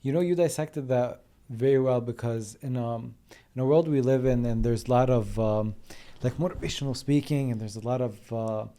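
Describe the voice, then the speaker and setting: A man hosting a podcast interview, thinking out loud in a halting way with many fillers. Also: medium pitch. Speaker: podcast host. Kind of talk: casual interview chat.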